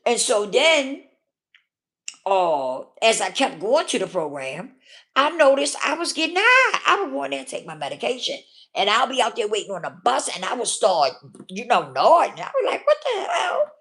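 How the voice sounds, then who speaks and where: A woman's voice: on the high side, sing-song, moderate pace, fairly bright tone. A woman vlogger telling a personal story straight to her viewers, blunt and profane, checking in with "okay?" and "do you hear me?". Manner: emphatic, talks straight to viewers with frequent 'okay?' and 'do you hear me?'. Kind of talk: candid storytelling monologue.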